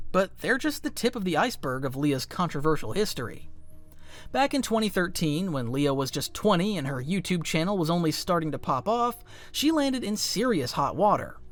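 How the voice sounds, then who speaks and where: A man's voice: a little high, a bit bright. A man reading a scripted documentary narration in a dramatic, emphatic way. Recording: faint music underneath.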